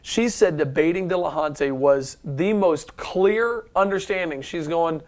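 A man's voice: a little high, a little slow, darkish tone. Eager male interview host. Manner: enthusiastic, hesitant with fillers. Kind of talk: casual interview.

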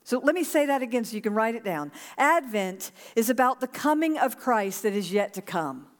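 A woman's voice: on the high side, expressive, normal speed, in a large hall. A woman pastor preaching a sermon to her congregation, earnest and urging them to repeat a prayer. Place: church sanctuary.

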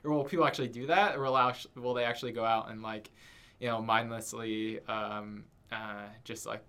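Fairly low in pitch and a little fast, this young co-host's voice is smooth and a bit bright, with fairly even intonation. He talks hesitantly in a casual podcast conversation, restarting often, leaning on fillers, and ending points with "right?"

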